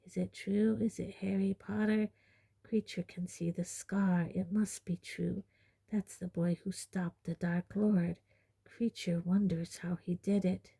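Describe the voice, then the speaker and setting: A woman voicing a very old, bitter male house elf who mutters hoarsely and spitefully under his breath in a storybook reading. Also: fairly low pitch, little pitch movement, a little slow, dark tone, heavily acted. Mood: muttering bitterly. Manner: spiteful grumbling asides, mock-humble. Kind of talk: audiobook reading.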